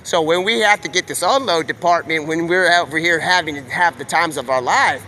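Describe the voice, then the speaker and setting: A man live streaming outdoors, rambling excitedly in slangy talk as he jumps from one topic to the next. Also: fairly high pitch, a little fast, a little hiss or hum. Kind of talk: rambling stream-of-consciousness monologue.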